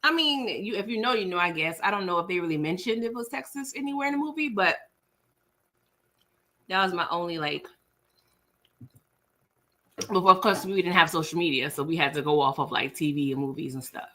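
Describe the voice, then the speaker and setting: This East Coast woman, with the accent to match, chats and laughs with her livestream audience over dinner, speaking into a laptop mic with her mouth full. Her voice sits lowish and sounds sharp and expressive, moving fairly quickly but stopping often.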